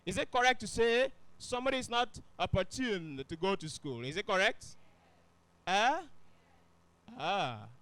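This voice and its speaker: A man's voice: sits high, animated, measured pace, sharp tone. A man teaching grammar to a classroom, often asking the students if they follow. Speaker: English teacher. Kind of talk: classroom lesson.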